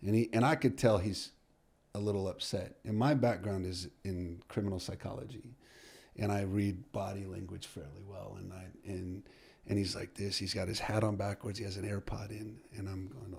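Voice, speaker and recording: A middle-aged man, a soccer coach, telling a story as a podcast guest, lively and full of restarts as he acts out the dialogue. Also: deep voice, moderate pace, gravelly, husky. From United States.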